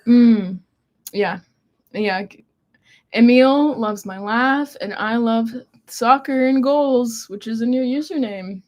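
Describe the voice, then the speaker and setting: A woman's voice: fairly high pitch, takes it slowly, darkish tone. A woman with a nasal voice, co-hosting a casual livestream and reading viewer comments aloud with frequent ums. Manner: chatty, hesitant with frequent ums. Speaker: livestream co-host.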